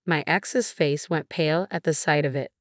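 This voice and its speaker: In a steady, measured narration, a woman with a markedly low voice recounts a first-person story, keeping her delivery even throughout. The sound is dry and close, without room tone or echo.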